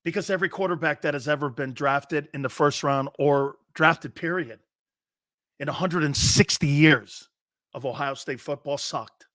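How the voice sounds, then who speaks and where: A man's voice: fairly high pitch, normal speed, pushed and bright. A middle-aged man hosting a sports talk show, a brash, laughing trash-talker telling stories.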